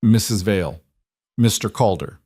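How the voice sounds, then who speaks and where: A man's voice: fairly low pitch, lively intonation, moderate pace, mellow, husky, no echo, clean studio sound. A man reading a curt frontier marshal.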